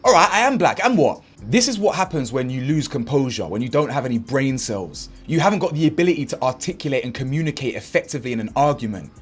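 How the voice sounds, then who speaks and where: Husky, animated man ranting. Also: mid-range voice, quick pace, hardly any pauses. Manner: animated and indignant, acts out quotes, heavy slang. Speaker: commentary channel host. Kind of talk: reaction commentary.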